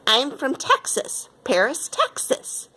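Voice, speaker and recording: A woman's voice: high voice, huge pitch swings, slow pace, pushed and bright, voice pushed up, full character voice. A woman voicing a friendly young schoolboy in a children's storybook, speaking in a plain, matter-of-fact way.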